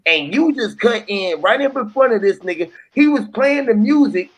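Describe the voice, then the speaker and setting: A man's voice: high-pitched, lively intonation, normal speed, poor audio. A man talking casually on a podcast, telling a story and acting out scenes with sound effects. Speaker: podcast host.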